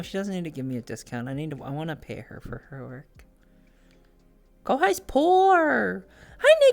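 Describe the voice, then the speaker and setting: A woman streamer chatting casually with her viewers, bubbly, swinging between soft murmurs and high squeals. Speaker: live streamer.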